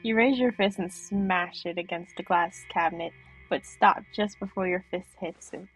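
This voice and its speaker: A young woman streaming a horror game, reading the text aloud and reacting with laughs, in an animated, husky voice. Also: fairly low pitch, moderate pace, soft background music, rough recording.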